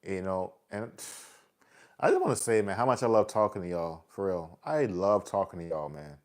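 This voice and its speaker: A man's voice: low voice, sing-song, moderate pace. A man talking earnestly to his followers about his faith, casual and repetitive, with heavy sighs. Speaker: vlogger sharing faith testimony. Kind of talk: heartfelt personal talk to followers.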